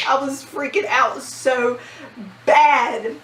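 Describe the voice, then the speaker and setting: Animated young woman telling a story, roomy. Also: high voice, measured pace, a little hiss or hum. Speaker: vlogger. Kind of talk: casual storytime. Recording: roomy sound from a distant mic.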